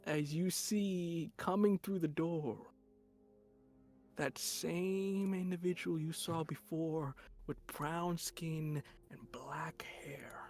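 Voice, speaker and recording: A man's voice: a little high, steady tone, slow pace, a little mellow, soft background music. A man narrating a tabletop game as game master, setting scenes in a loose, casual way.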